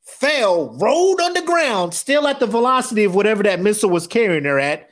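A man co-hosting a podcast in casual chat, profane and animated, acting out movie scenes in quick voices. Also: sits high. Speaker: podcast co-host.

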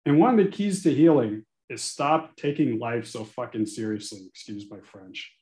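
A man's voice: medium pitch, moderate pace. A man in his forties, a guest speaking frankly and earnestly in an interview. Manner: earnest, frank and animated, sometimes cursing. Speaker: guest, attorney. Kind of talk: candid podcast interview. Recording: echoey room.

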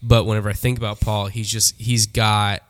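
A man's voice: lowish voice, little pitch movement, normal speed, no echo. Dry-sounding young man rambling casually. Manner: rambling, hesitant, playful. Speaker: podcast co-host. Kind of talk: casual chat.

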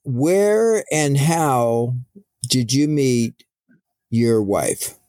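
An interviewer who mostly reacts with short remarks and asks gentle questions. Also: medium pitch, expressive, drawn-out words, no room sound, clean studio sound. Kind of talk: conversational interview.

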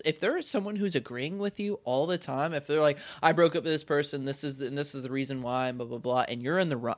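A man's voice: on the high side, fairly bright tone. A man in his twenties talking through a casual chat, rambling with many restarts and acting out quoted voices.

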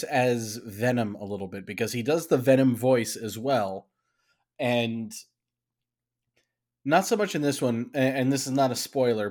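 Man eagerly retelling movie trivia. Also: medium pitch. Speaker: podcast co-host. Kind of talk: casual movie review chat.

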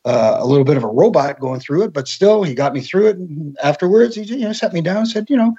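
A man with a husky, slightly high voice chats casually as an interview guest. He tells anecdotes and acts out the voices of people he quotes. The recording sounds dull and lo-fi. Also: expressive, fast talker, few pauses, warm tone. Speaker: guest, former wrestling referee.

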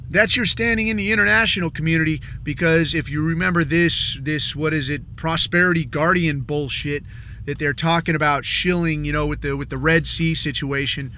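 A male podcast host in a casual political rant, swearing often, rambling, and dropping "dude" and "man" as he mocks others in quick asides. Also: a little high, steady tone, sharp tone, slight background noise.

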